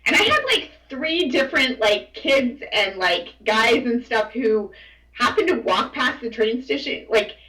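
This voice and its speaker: A woman's voice: fairly high pitch, sing-song, unhurried, pushed and bright, far from the mic, poor audio. A woman co-hosting a live stream, telling stories animatedly and acting out other people's voices. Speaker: streamer co-host. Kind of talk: casual chat.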